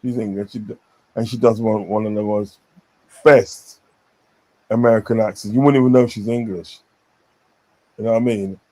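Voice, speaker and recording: A man's voice: lowish voice, steady tone, normal speed, long pauses, dark tone. A man chatting casually on a stream, rambling with many fillers and repeated phrases. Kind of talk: casual chat.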